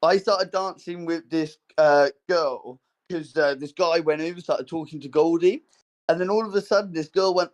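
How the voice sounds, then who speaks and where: Rambling young man telling a story. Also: normal speed. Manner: rambling storyteller, many fillers and restarts, acts out quotes in a higher voice. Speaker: podcast co-host. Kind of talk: casual chat.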